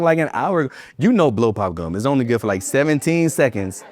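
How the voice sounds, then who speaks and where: A man's voice: mid-range voice, sing-song, a little fast, a little mellow. A man giving a motivational keynote to educators, emphatic and repeating phrases for effect, telling personal stories with humor.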